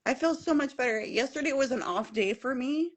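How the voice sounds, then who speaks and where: A woman's voice: sits high, brisk. A woman guest on a podcast telling a personal story in casual, earnest, emphatic talk, often repeating key phrases. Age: adult with children at home.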